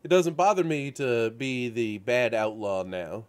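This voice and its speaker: With a clear, resonant tone at medium pitch and a measured pace, a man hosts a casual talk show about video games. He tells rambling, animated stories packed with fillers and restarts, in a radio-show studio setup.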